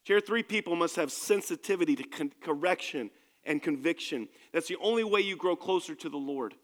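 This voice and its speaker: A male pastor delivers a sermon in an emphatic, conversational manner, addressing the congregation directly. His voice sits a little higher than most men's. It carries with a long, lingering reverb from a church hall. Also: a little fast.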